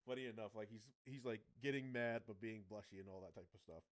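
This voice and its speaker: Excitable young man recapping an anime. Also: on the low side, quick pace. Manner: excitable, slangy, full of "like" and "bro". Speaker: anime reviewer. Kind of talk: casual episode recap and review.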